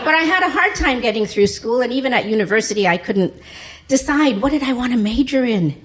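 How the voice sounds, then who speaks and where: A woman's voice: fairly high pitch, expressive, brisk, fairly bright tone. A middle-aged woman doing a stand-up comedy set, chuckling through her own punchlines.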